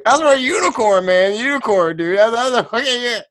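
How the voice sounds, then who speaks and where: A man's voice: extremely high pitch, animated, fairly quick, fairly bright tone, no room sound. A man co-hosting a casual chat, swearing freely and saying dude. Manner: laughs easily, swears, says dude. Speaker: podcast co-host.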